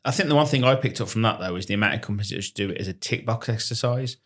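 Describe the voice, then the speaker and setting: A man co-hosting a podcast, chatting in a relaxed, reflective way. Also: on the low side, rapid-fire. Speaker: podcast co-host. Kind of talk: casual chat.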